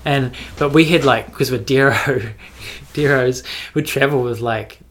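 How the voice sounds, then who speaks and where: A young man with a New Zealand accent, telling rambling stories in casual chat, full of "like" and quick laughs. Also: medium pitch, fairly bright tone, slight background noise. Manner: rambling storytelling with frequent "like" and laughs.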